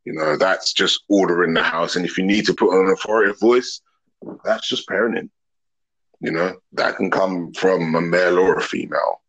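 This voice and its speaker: Earnest deep-voiced man, reflective. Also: moderate pace, gravelly, fairly bright tone, low-quality recording. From England. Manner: earnest, reflective, speaks in long flowing thoughts. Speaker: podcast guest. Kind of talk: open casual conversation.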